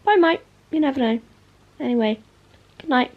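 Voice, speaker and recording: A woman's voice: high voice, brisk, highs cut off. A young woman chatting casually about books in a reading vlog at home, gushing and full of fillers. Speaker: book vlogger.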